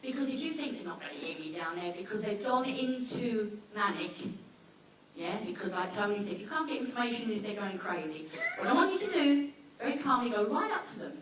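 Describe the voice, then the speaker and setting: A woman talking informally to a seminar audience about dogs, chatty and anecdotal, slipping into quick acted-out asides. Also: mid-range voice, expressive. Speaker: dog behaviour trainer giving a seminar. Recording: echoey hall, mic far off, faint noise.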